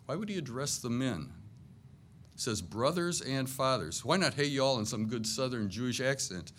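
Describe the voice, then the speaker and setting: A man's voice: mid-range voice, animated, moderate pace, fairly bright tone. A middle-aged man delivers a sermon in an easy, conversational tone, slipping in self-deprecating jokes. His voice sits in an ordinary middle range. A faint hiss of noise runs under the recording. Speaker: pastor. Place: church sanctuary with congregation.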